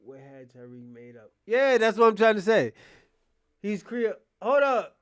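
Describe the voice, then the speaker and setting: Reaction streamer, male, high and smooth voice, animated and profane, casual live commentary. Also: moderate pace. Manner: animated, loose and profane, talking to chat.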